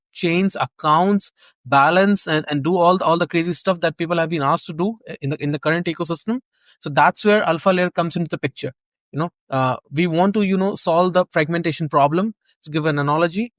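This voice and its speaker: Hesitant man explaining, fairly high voice. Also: no room sound. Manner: hesitant, many fillers and restarts, explaining. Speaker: podcast guest. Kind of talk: casual explanatory talk.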